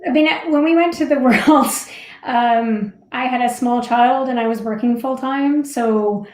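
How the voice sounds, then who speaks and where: A middle-aged woman who once curled at the Olympics speaks as a guest on a reflective panel discussion. Her voice is a little high and a little mellow, her pace a little slow, and she talks thoughtfully and candidly, laughing easily, in a room with a roomy echo.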